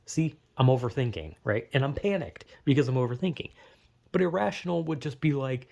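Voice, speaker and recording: A man's voice: fairly high pitch, animated, fast, creaky, darkish tone. A young man in a casual, rambling solo monologue, stumbling over words, swearing freely and acting out imagined voices. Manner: rambling, self-interrupting, swears often, acts out imagined voices. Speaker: vlogger.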